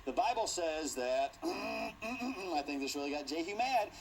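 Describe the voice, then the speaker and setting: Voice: medium pitch, animated, unhurried, heavy background noise. A Bible teacher telling a Bible story to a class in a playful, theatrical way, laughing and acting out the scenes.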